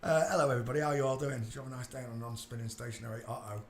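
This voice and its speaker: A man's voice: medium pitch, steady tone, racing. Rambling man in a roomy room. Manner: rambling, blunt and crude, fussing over his dog between topics. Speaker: live stream host. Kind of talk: casual rambling livestream chat. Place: at home with his dog. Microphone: desk microphone.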